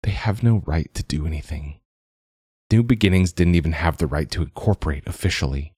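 A man's voice: extremely low pitch, brisk, mellow, slightly rough, no echo. A man voicing a stubborn, defiant old woman scientist who talks insistently in a storybook reading. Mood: stiff. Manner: insistent, urgent.

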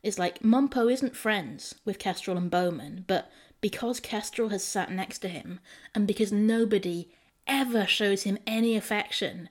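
A woman's voice: mid-range voice, normal speed. A woman in a casual book discussion, talking in a thoughtful, emphatic way.

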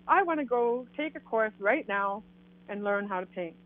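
Canadian woman, lively storyteller voicing quoted lines, heard through a thin, phone-like line. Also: fairly high pitch, normal speed. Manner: animated, acts out quoted dialogue. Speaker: guest telling her story. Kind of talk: casual storytelling. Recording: tinny phone line, dry.

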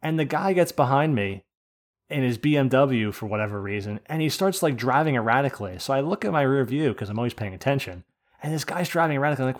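A man from the United States telling an animated, profane rant on a casual podcast. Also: medium pitch, a little fast. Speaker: podcast host. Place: podcast studio.

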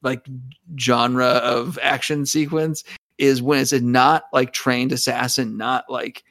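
A man's voice: medium pitch, fairly even intonation, slow pace, fairly bright tone. A man in casual chat, rambling with restarts and laughing as he talks. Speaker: podcast co-host.

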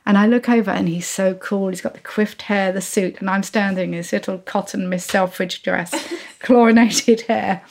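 A woman's voice: mid-range voice, normal speed, creaky. A woman, telling an anecdote as an interview guest and acting out the voices of the people in it. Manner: animated, acts out the voices of the people in her story.

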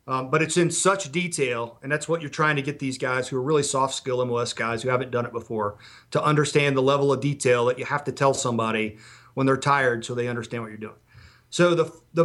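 A middle-aged man spins stories about training soldiers, blunt and peppered with profanity. His voice sits in an ordinary middle pitch, and he talks like a seasoned instructor holding court on a podcast. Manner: blunt, profane, animated storyteller. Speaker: former Special Forces instructor. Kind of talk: podcast storytelling.

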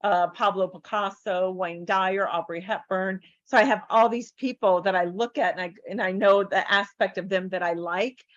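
A woman's voice: mid-range voice, moderate pace, few pauses, no room sound, muffled recording. A woman from San Diego, a therapist and speaker, telling stories in a casual interview and acting out the voices of people in them. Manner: animated storyteller acting out quoted voices.

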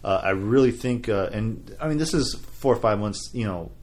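A man's voice: lowish voice, lively intonation, moderate pace, darkish tone. A man hosting a casual wrestling podcast, talking in a loose, rambling way. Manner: rambling, many fillers and restarts. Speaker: podcast host. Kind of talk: casual chat.

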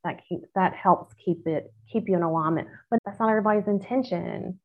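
A woman's voice: fairly low pitch, fairly quick. A woman nurse talking in a casual podcast conversation, earnest and emphatic, speaking from a faith-centered outlook. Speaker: nurse guest. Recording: tinny phone-like line.

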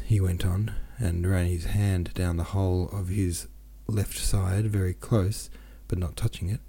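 A man narrates a classic novel in a measured, deliberate reading. His voice is low and gravelly. The tone is very dark and warm, with a husky grain. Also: steady tone. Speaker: audiobook narrator, podcast host.

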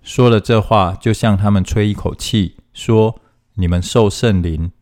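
A man reading Bible passages aloud in a steady, formal manner, phrase by phrase. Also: fairly low pitch, unhurried. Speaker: scripture reader.

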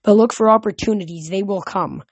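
A woman voicing an ancient, fading nature god who speaks slowly and solemnly. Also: mid-range voice, breathy edge, no echo. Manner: slow, solemn, forlorn.

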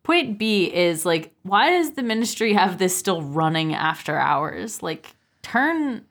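A woman co-hosting a casual book podcast, animated and joking, with quick asides. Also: lowish voice. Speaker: podcast co-host. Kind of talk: casual book-club chat.

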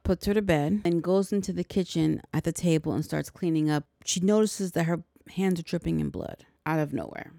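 Woman podcast host, casual movie recap, sarcastic asides, gravelly voice, dry close sound. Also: on the low side, darkish tone, dry recording.

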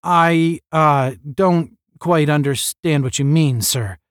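A man's voice: medium pitch, animated, moderate pace, no echo, studio quality. A man reading the part of an earnest young space cadet who hesitates before his superiors.

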